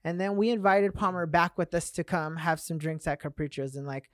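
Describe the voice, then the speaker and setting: A woman's voice: fairly low pitch, a little fast, dry recording, studio quality. A woman guest on a podcast, chatty and earnest, talking through many fillers. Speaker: guest business owner. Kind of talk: casual podcast chat. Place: podcast studio.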